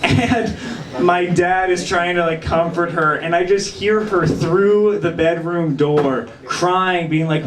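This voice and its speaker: A man's voice: high-pitched, slow pace. A young man doing a rambling, self-deprecating stand-up set in a small bar. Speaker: stand-up comedian. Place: small bar with live crowd. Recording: echoey room, crowd noise.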